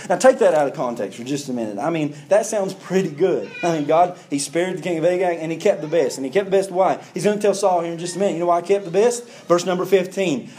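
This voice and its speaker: A man's voice: a little high, a little mellow. A man preaching a sermon who reads scripture aloud, acts out the speakers in the verses, and breaks in with plain commentary. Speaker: pastor. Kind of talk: sermon reading and explaining scripture.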